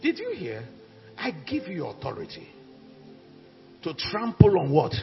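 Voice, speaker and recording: A male pastor preaching a fiery sermon, dropping low and then shouting out declarations. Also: wildly swooping pitch, measured pace, vocal fry. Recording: echoey hall with dull sound and faint music.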